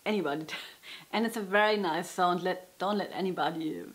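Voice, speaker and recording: Her voice sits fairly low and moves a little fast as she teaches guitar in a relaxed, chatty way. She often interrupts herself with corrections and laughs at herself, with loud guitar playing in the background.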